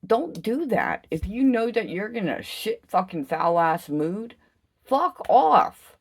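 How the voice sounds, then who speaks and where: Woman, vlogger, impassioned rant, lots of swearing, lively swooping pitch, loud bursts then low drawn-out musing. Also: slightly rough. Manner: intense, emphatic, heavy swearing.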